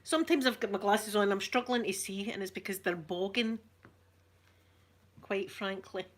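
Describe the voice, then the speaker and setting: An older Scottish woman hosts a livestream, chatting casually with her viewers as she rambles, corrects herself and laughs often. Her voice is mid-range and her pace moderate.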